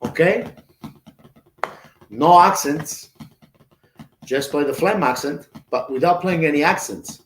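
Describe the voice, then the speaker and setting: A man's voice: on the high side, slow, long pauses. A man teaching drums live, chatting with viewers and singing the patterns aloud. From Italy. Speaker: drum teacher. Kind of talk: live-streamed drum lesson. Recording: echoey room with faint noise.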